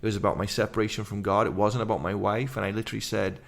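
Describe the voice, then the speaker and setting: A man with a gravelly voice giving an earnest personal testimony, talking quickly in long run-on sentences. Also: lowish voice, little pitch movement. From England. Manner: earnest, rapid run-on storytelling. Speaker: guest, urban missionary.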